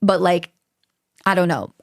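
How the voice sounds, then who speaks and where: Low gravelly-voiced woman podcast host. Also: measured pace, no room sound, clean studio sound. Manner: animated, swears freely, gets worked up. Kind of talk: casual true-crime chat.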